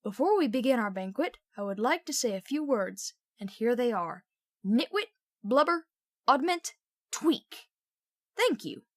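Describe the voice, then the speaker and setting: A woman's voice: sits high, very animated, extremely slow, few pauses, darkish tone, no room sound, clean studio sound, voice pushed up, exaggerated voice. A woman voicing a cheerful, eccentric old male wizard who speaks grandly in a raised voice. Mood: jovial.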